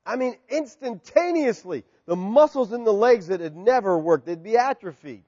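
Middle-aged male pastor, lively pitch, loud-to-hushed delivery, dull hall recording. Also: normal speed. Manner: animated preaching, swings from loud to hushed. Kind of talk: sermon.

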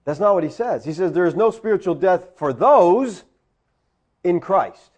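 Man preacher, high-pitched, emphatic, teaching sermon full of rhetorical questions. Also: animated, moderate pace, a little mellow, lo-fi sound. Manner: emphatic, rhetorical questions, explains Greek words.

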